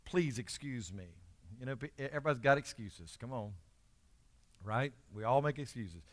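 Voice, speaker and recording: A man preaching a sermon as pastor, emphatic and building to loud exhortation with the congregation. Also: mid-range voice, brisk.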